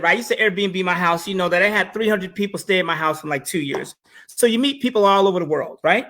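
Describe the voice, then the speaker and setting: Animated man telling stories, bright voice. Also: high voice. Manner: animated, storytelling, addresses viewers directly. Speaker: co-host. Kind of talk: casual panel talk.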